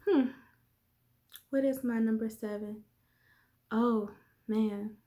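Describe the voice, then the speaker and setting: A woman's voice: a little high, fairly even intonation, takes it slowly, warm tone. Candid woman coach talking to viewers. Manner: candid, conversational, addresses viewers as y'all. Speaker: life coach. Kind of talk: casual motivational vlog talk.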